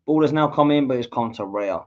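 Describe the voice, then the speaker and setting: A man from England commentating live on a match as a fan podcast host, reacting loudly to play and reading viewer comments. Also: medium pitch, fast. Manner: excitable, shouts at goals, reads out viewer comments. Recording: dull lo-fi mic.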